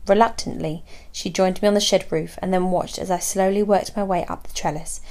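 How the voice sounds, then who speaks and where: A woman, reading a first-person story in a steady, low-key way. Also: brisk. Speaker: audiobook narrator.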